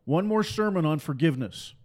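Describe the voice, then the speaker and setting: A man preaching a fiery political sermon to pastors, forceful and repetitive, full of mocking rhetorical questions. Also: fairly high pitch, animated, brisk.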